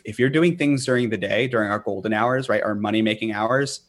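Male podcast guest, low voice, earnest and explanatory, plenty of fillers. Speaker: business owner, podcast guest. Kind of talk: podcast interview.

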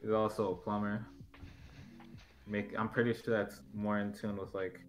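A man's voice: on the low side, level tone, moderate pace, faint music behind. A man co-hosting a casual gaming chat stream, talking in a laid-back, joking way with swearing. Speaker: podcast co-host.

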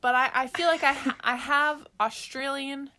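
A woman's voice: high-pitched, steady tone, normal speed, bright, forceful tone. A woman co-hosting a podcast in casual chat, playful and giggly, trying out silly accents. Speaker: podcast co-host.

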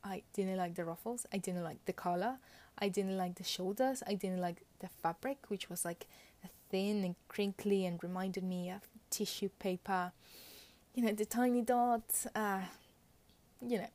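A woman's voice: medium pitch, moderate pace, a little mellow. A woman giving casual, opinionated commentary on royal fashion, chatty with frequent fillers and little laughs.

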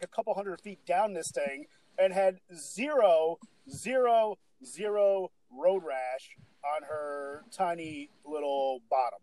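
A man's voice: on the high side, takes it slowly, warm tone, rough recording. A man in a casual movie discussion, giving firm, emphatic opinions.

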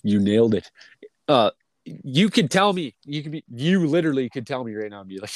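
A man's voice: medium pitch, a little fast, darkish tone, dry recording. A man on a podcast talking casually, blunt and heavy on swearing, who says he isn't feeling well. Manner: blunt, profane, venting. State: feeling unwell. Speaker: podcast co-host.

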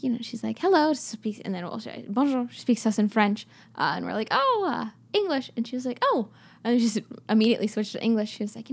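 A woman's voice: on the high side, gravelly. A young woman telling travel stories to her viewers in a chatty, filler-heavy way. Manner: chatty, many fillers, addresses viewers directly. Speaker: travel vlogger. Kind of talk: casual travel storytelling.

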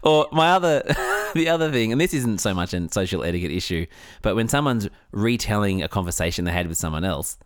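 A man's voice: lively intonation, brisk, few pauses, smooth, no echo. Laughing man, dry close sound. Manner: giggly, breaks into high laughing impressions. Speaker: podcast co-host. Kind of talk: casual chat.

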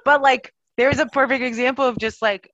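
A woman's voice: high-pitched, steady tone, fairly quick, a bit bright, dry recording, dull audio. A woman co-hosting a casual chat, telling stories animatedly and acting out her own reactions.

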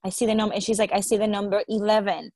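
Casting: woman, chatty storyteller, mid pitch, dry close mic. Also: fast talker, dry recording. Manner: animated storyteller, quotes others, swears, laughs. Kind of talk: casual storytelling chat.

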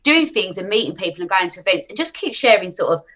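Woman, 40s, interview guest; bright, lively, frank, chatty delivery. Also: mid-range voice, fast talker. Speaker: finance influencer guest. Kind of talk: casual interview chat.

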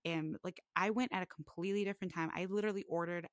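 A young woman in her twenties telling a casual story on a podcast. She fills her talk with "like" and grows animated when she quotes others. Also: on the low side, fairly quick, dry recording, studio quality. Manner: chatty, full of "like", animated when quoting others.

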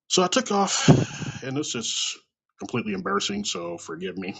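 A man's voice: high-pitched, sing-song, fairly quick, creaky, background noise. A man telling a comedic personal story in a casual, profane, self-deprecating way.

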